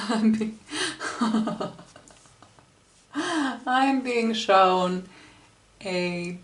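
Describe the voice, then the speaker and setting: Slow, giggly woman reading tarot. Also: mid-range voice, a little hiss or hum. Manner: gentle, giggly, storytelling with many fillers. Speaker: tarot reader.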